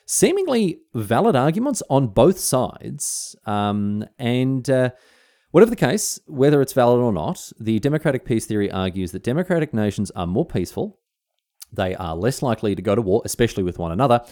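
A man's voice: mid-range voice, normal speed. A young Australian man hosting a history podcast, explaining ideas in a scripted but jokey way with slangy asides. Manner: lively, jokey, mock-outraged asides with slang.

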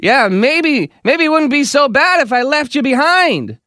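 A man putting on a shrill bickering wife. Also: very animated, a little slow, a bit bright, dry recording, clean studio sound, heavily acted. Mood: exasperated. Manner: shrill, exasperated complaining. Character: impatient bickering middle-aged wife.

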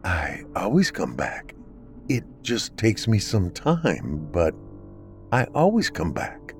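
A man voicing a weary, haunted woman who speaks quietly and with resignation. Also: sits low, huge pitch swings, slow pace, soft background music, heavily acted. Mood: resigned.

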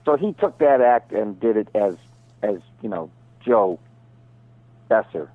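A middle-aged man, a voice actor guest, telling rambling showbiz stories over the phone and slipping into quick impressions. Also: lowish voice, expressive, no room sound. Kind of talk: casual phone interview. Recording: tinny phone line.

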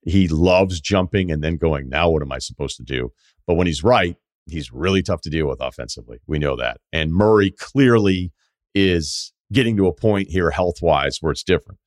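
Opinionated man with a deep voice. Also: dry recording, clean studio sound. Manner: opinionated, animated, quick asides and mock quotes. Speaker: podcast host. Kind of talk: solo sports talk monologue.

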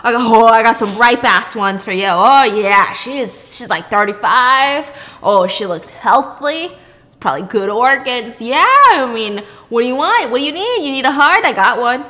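A woman voicing a creepy, scheming male crime boss who talks loudly and gloats. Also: on the high side, normal speed. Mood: excited. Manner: loud, gloating, excited.

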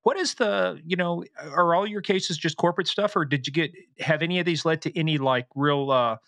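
A man's voice: on the high side, a little fast, a bit bright, dry recording. A middle-aged man from Southwest Kansas hosting a podcast, chatty and joking in casual interview talk. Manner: chatty, joking, calls guest brother. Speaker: podcast host.

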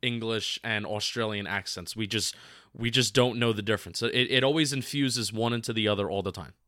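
Bright, jokey man co-hosting a podcast. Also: fairly low pitch, fairly quick, no room sound, clean studio sound. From United States. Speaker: podcast co-host. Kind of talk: casual podcast chat and sponsor reads.

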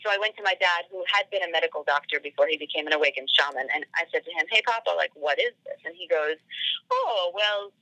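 A woman's voice: on the low side, fast, bright, forceful tone, dry recording, rough recording. A woman guest on a podcast telling a personal story casually, full of "like" fillers and acted-out quoted dialogue.

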